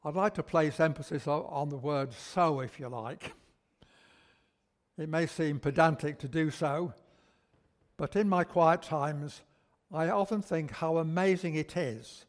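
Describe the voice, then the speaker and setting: A man preaching a sermon, slow and emphatic, repeating key words for weight. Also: on the high side. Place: church. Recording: long church reverb.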